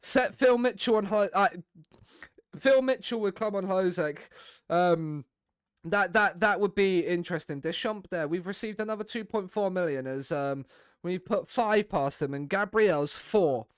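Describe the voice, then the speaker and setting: Young guy rambling to his stream chat, highish voice, smooth and clean, dry close sound. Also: measured pace, dry recording. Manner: rambling, chatty, talks to viewers while playing. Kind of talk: casual live game stream chat.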